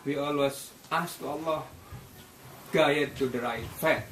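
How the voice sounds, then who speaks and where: A man's voice: fairly high pitch, unhurried, a bit bright, roomy sound, a little hiss or hum, rough recording. A man in a mosque congregation hesitantly asking a question, repeating words as he searches for them.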